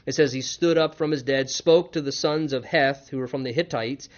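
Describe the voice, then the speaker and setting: A man, a pastor preaching a sermon in an earnest way, dropping to a hush and then rising to stress a point. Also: medium pitch, fairly even intonation, normal speed. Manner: earnest, swings between hushed and emphatic. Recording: dull lo-fi recording.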